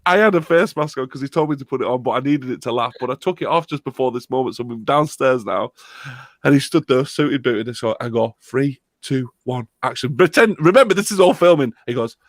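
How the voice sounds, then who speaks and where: A man's voice: medium pitch, animated, fast talker, no room sound, studio quality. A young man hosting a live stream, telling a story in casual chat, laughing and swearing as he goes. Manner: laughs often through his story, swears freely.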